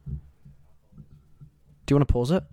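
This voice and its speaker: A man's voice: unhurried, dark tone, no room sound. A man co-hosting a casual comedy podcast, laughing often and restarting his sentences. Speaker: podcast co-host.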